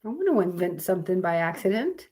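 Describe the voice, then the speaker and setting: A woman's voice: lowish voice, sing-song, fast talker, darkish tone. A woman, chatting casually on a live stream, reading out fun facts to viewers in a rambling, sleepy way. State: sleepy, yawning.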